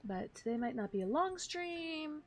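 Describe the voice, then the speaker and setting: Tired, gravelly-voiced woman streamer. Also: expressive, moderate pace, a little hiss or hum. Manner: low-energy, rambling, apologetic about yawning. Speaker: game streamer. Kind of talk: casual gameplay chat.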